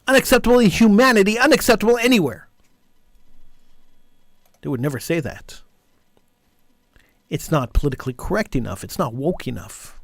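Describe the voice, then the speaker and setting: Impassioned talk radio host, dry studio. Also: male voice, high voice, moderate pace, long pauses, no echo. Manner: impassioned, indignant, repeating phrases for emphasis. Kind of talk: call-in talk radio monologue.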